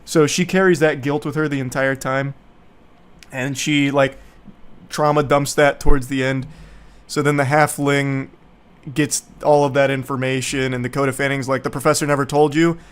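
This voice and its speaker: A man's voice: mid-range voice, level tone, moderate pace, clean tone. A man giving casual, rambling movie commentary, sarcastic, profane and mocking.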